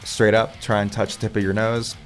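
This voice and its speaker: A laid-back male vocal coach talks viewers through warm-up exercises, chatty and unfiltered. His voice sits on the low side, with faint guitar music playing underneath. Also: level tone, fairly quick. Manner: casual and chatty, with loose swearing. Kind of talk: casual instructional talk.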